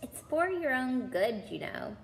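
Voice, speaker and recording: A woman's voice: sits high, sing-song, unhurried, gravelly, a little hiss or hum, voice pushed up, heavily acted. A woman voicing a mischievous male poltergeist in a storybook reading, with a sing-song, taunting manner. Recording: roomy with long reverb.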